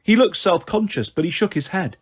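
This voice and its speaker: A man reading a fantasy novel aloud as narration, slowing down for the verse lines. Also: high voice, lively intonation, husky. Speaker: audiobook reader. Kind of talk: storybook narration with light character voices.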